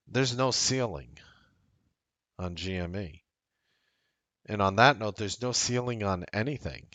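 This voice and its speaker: A man's voice: lowish voice, dry recording. A man hosting a trading show, giving casual, rambling market commentary with blunt language. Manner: animated, rambling, blunt with profanity.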